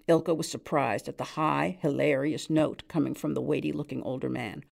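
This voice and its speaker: A woman reading a literary short story aloud in a measured, even narration. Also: low-pitched, creaky. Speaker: reader.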